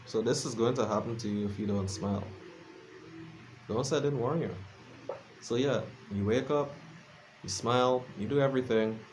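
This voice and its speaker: A sleepy man records a late-night vlog in his room at home, rambling casually, mocking himself, and stumbling through fillers and restarts. His voice is medium-pitched with a darkish tone, against slight background noise.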